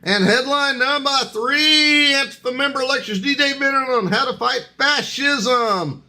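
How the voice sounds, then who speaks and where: A man's voice: very high voice, a little slow, bright, forceful tone. A man hosting a headline quiz on a live talk show, joking and announcing in a playful way. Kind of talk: casual live show chat.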